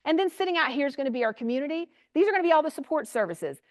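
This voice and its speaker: A middle-aged woman giving a lively, blunt talk to a room of parents, chatty and animated, acting out quoted voices. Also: high voice, very fast, no room sound, studio quality. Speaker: speaker addressing parents. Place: room with an audience.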